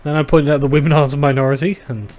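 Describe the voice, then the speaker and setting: Male livestream host with a slightly high voice, dry and sarcastic, reading out chat. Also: little pitch movement, racing, a little mellow. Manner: wry, sarcastic, dry asides.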